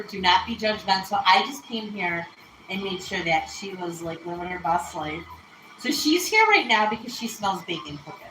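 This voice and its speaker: Chatty, giggly woman with a lively, bright voice. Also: mid-range voice, normal speed, reverberant, soft background music, rough recording. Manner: chatty, giggly, laughs often. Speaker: cooking show host. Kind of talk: casual cooking livestream chat. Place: home kitchen.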